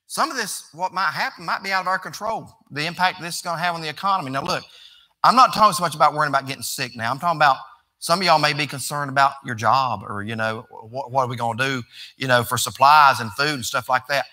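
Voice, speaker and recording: A man's voice: fairly high pitch, fairly quick, bright, forceful tone. A man, preaching a sermon as pastor in a folksy, conversational way that rises to emphatic preaching.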